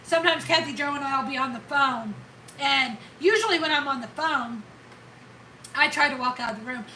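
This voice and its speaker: A woman's voice: sits high, normal speed, pushed and bright, slight background noise. A middle-aged woman from Indiana with a light Southern Kentucky accent, chatting casually with viewers on her channel and answering them by name. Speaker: YouTube channel host. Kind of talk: casual live chat with viewers. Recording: roomy sound from a distant mic.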